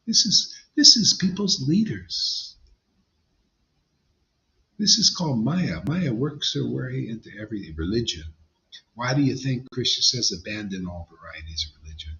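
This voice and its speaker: A man's voice: mid-range voice, sing-song, measured pace, pauses often, bright, forceful tone. A man, a spiritual teacher, giving an informal devotional sermon in a blunt, emphatic, conversational way. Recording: dull lo-fi sound.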